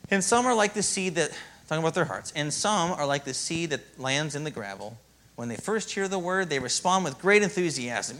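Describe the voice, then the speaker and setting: A man preaching a sermon as pastor, in a lively, conversational way and often asking "Amen?". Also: a little high, moderate pace.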